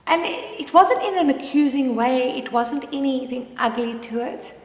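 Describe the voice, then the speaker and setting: A woman's voice: high voice, normal speed. Candid mother in a reverberant room. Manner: candid, rambling, with frequent restarts. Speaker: mother sharing her story. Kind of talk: personal confessional vlog. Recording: roomy with long reverb.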